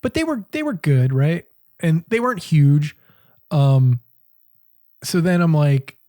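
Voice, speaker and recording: Profane, animated male storyteller. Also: on the high side, slow pace, pauses often. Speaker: cooking school podcast co-host. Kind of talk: casual podcast chat.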